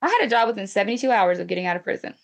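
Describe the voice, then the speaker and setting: A woman's voice: mid-range voice, animated, racing, vocal fry. A woman guest in a casual interview, talking frankly and emphatically with many fillers of "like".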